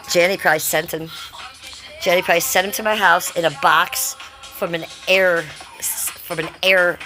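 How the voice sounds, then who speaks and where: A woman on a casual live stream from her home, rambling excitedly to her viewers and swearing freely. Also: fairly low pitch, moderate pace, over music. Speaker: livestreamer. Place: at home by a window.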